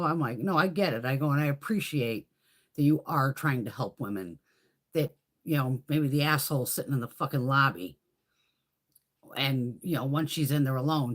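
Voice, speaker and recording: Lively, foul-mouthed American woman chatting live. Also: rumbling low. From United States. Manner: blunt, heavy swearing, laughs often. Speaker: makeup livestream host. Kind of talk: casual livestream chat reading viewer comments.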